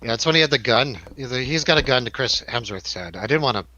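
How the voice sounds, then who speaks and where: Bright-voiced joking man hosting a film chat. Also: mid-range voice, lively intonation, fast talker, muffled recording, slight background noise. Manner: laughs often, loose and joking. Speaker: radio show host. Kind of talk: casual chat reviewing a film.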